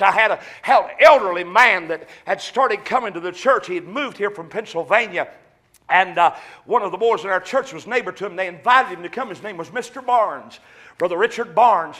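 A male pastor with a Southern US accent delivers a sermon in a high, ringing voice that carries real force. He moves between homespun storytelling and fervent, shouted calls of praise. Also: fairly quick. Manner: fervent preaching with shouted exclamations and folksy storytelling.

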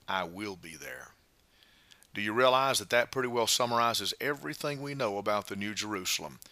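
A male pastor giving a short devotional sermon, slow and emphatic, with frequent "uh" fillers. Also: fairly low pitch, bright, forceful tone, no room sound.

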